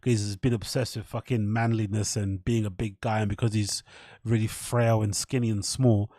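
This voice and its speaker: A man's voice: fairly low pitch, flat delivery, normal speed, dark tone, no echo, studio quality. A man hosting a solo podcast, commenting on clips in a mocking, sarcastic way and swearing freely. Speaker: podcast host. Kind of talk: rambling commentary over clips.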